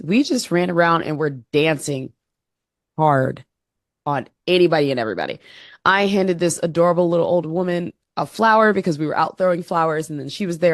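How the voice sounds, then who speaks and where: A woman co-hosting a podcast, telling stories in a casual, animated way with lots of fillers. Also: on the low side, no echo, studio quality. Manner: animated storyteller, laughing, many fillers. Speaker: podcast co-host. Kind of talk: casual chat.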